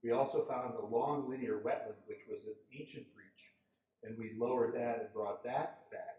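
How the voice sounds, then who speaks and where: A man giving a guest lecture, telling lively anecdotes about a park design project. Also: mid-range voice, moderate pace, highs cut off. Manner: storytelling, animated quoted voices. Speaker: guest lecturer, landscape architect. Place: lecture hall. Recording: echoey lecture hall.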